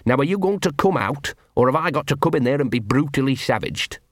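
A man's voice: medium pitch, animated, fairly quick, dry recording, natural voice. Man playing a talking street dog, male, scruffy, sardonic, grumbling, dry close voice.

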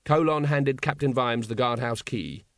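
In scripted audiobook narration, a man tells a story in a steady, dry voice of middle pitch and moderate pace. The recording is close and dry, with no room sound around it.

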